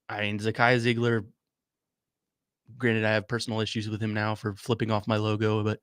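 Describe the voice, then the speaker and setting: A young man co-hosting a sports radio show, talking in a halting, emotional way and stumbling over his words. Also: mid-range voice, fairly even intonation, sharp tone, dry recording, clean studio sound. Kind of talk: casual sports talk.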